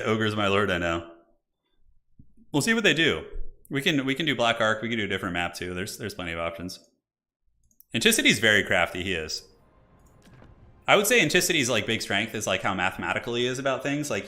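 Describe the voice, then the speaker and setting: A young man hosting a live game stream, chatting casually and excitably with viewers and often laughing. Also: medium pitch, quick pace. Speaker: streamer hosting multiplayer matches.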